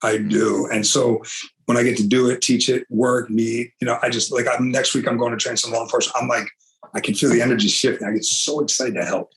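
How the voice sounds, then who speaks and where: A man's voice: mid-range voice, fairly quick. A man in his forties, a martial arts instructor, talking casually as a podcast guest and acting out quoted dialogue in his stories. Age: 40s. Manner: animated storyteller, acts out quoted dialogue.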